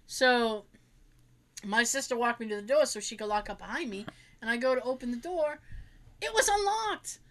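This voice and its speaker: A young woman with a bright, high voice chats casually. She tells family stories with lots of energy, puts on voices for her relatives, and laughs and swears freely. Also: a little fast. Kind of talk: casual storytelling chat.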